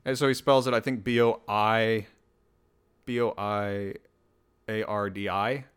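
A man's voice: on the low side, steady tone, measured pace, a bit bright, smooth. A man hosting a podcast alone, talking casually in a rambling, self-deprecating way. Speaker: podcast host. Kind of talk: casual solo podcast chat.

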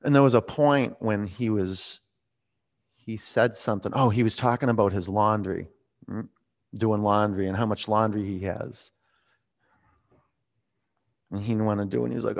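A man in his forties leading a yoga class, calm and reflective as he tells a personal story between pose cues. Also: on the low side, moderate pace, creaky, pauses often. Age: 40s. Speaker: yoga instructor.

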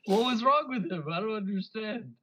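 A man co-hosting a podcast, reacting with laughter and quick questions. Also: high voice, pushed and bright, slightly rough, low-quality recording. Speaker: podcast co-host. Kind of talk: casual chat.

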